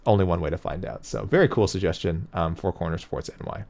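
A man's voice: sits low, fast, vocal fry, darkish tone. Rambling man hosting a fight talk show. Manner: rambling, self-correcting, chuckles often. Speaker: MMA show host reading viewer picks. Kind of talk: casual chat.

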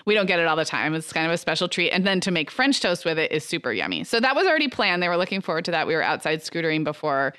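A woman's voice: fairly low pitch, big pitch swings, rapid-fire, few pauses, bright, forceful tone, clear, resonant tone, no room sound, studio quality. A woman in her thirties co-hosting a podcast, chatting casually and telling stories with frequent fillers. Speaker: podcast co-host. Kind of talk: casual chat.

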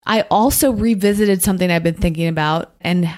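Female video creator as interview guest, thoughtful and candid, unhurried. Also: lowish voice, darkish tone. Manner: reflective, measured, frank. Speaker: YouTuber and guest. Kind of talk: casual interview.

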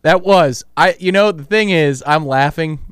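A man's voice: on the high side, unhurried, fairly bright tone, clear, resonant tone, dry recording, clean studio sound. A man co-hosting sports radio, wry and prodding, summing up his partner's points. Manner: wry, prodding questions, sums up the other's point. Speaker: radio co-host.

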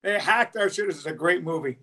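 A man's voice: high voice, animated, fairly quick, over a noisy crowd. A man co-hosting a comedy podcast, telling long profane stories in casual chat and acting out the quotes. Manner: profane, rambling storyteller who acts out quotes. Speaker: podcast co-host.

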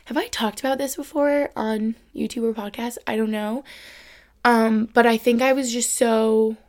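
A woman's voice: on the high side, steady tone, normal speed, a little mellow. A young woman from upstate New York hosting her own podcast, chatting casually and rambling with lots of fillers into a computer microphone. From Albany, New York, USA. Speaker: podcast host. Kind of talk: casual solo podcast chat. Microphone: USB-adapter podcast microphone at a computer.

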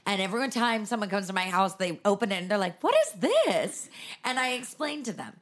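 A young adult woman hosting a casual podcast chat, earnest and enthusiastic, talking in quick bursts. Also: mid-range voice, expressive, fairly bright tone. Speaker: podcast host.

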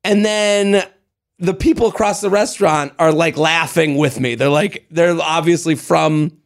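A man on a casual podcast, spinning a story with lively, salty asides. His voice sits a little high for a man. He talks like a comedian riffing with a friend. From United States. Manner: animated storytelling, profane, quick asides.

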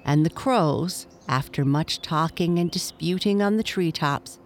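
Woman, bedtime story narration, slow and measured, gentle. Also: low voice, a little hiss or hum. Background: faint music.

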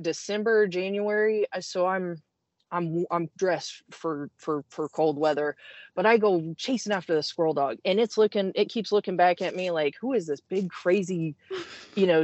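A woman guest telling a story in a casual interview, animated and self-deprecating, stopping and restarting often. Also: on the low side, no echo. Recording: dull, dry sound.

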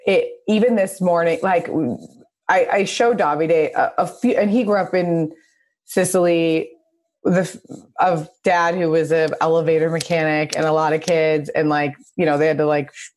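Woman, podcast host, lowish voice, animated storytelling, casual. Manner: chatty, animated storytelling, quick asides.

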